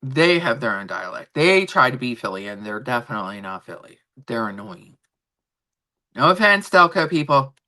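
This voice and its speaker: Woman, Philadelphia accent, middle-aged, casual rambling chat, bright tone, swooping pitch. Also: very animated, moderate pace. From Philadelphia, Kensington. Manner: rambling, chatty, talks to her pets mid-stream. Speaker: vlog host.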